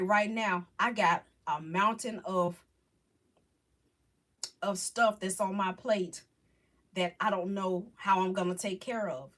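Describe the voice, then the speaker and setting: Halting, faith-filled woman chatting live. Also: on the low side, a bit bright. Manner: halting, rambling, restarts often. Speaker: livestream host chatting with viewers. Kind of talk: casual live chat about faith and crafts.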